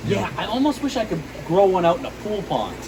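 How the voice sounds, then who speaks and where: A man in casual chat, showing off his fish tanks, explaining in a relaxed way with fillers. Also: sits high, fairly quick, background noise. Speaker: guest showing his home aquarium.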